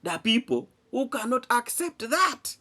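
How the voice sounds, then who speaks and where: Male vlogger, emphatic and repetitive, voice swinging up and down in pitch. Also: sing-song, normal speed, sharp tone, husky. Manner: emphatic, repeats phrases, asks rhetorical questions. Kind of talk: animated commentary to camera.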